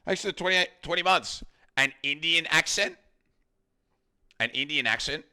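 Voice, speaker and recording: Aussie male streamer, sharp bright voice, cooking at home, loose sweary banter with chat. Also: fairly high pitch, normal speed, clear, resonant tone. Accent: Australian. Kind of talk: casual live-stream chat while cooking. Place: home kitchen.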